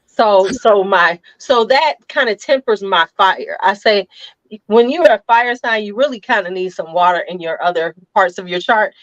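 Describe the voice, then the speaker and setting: A woman's voice: mid-range voice, animated, moderate pace, fairly bright tone, dry recording, lo-fi sound. A woman hosting a casual chat, blunt and joking, who swears freely. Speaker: host.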